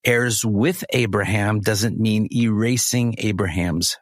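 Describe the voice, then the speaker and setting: Guy co-hosting a podcast, lowish voice, upbeat and chatty, dry close mic. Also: fairly even intonation, slow pace, no echo. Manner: upbeat, laughs easily, guides the conversation. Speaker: podcast co-host. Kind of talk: podcast conversation.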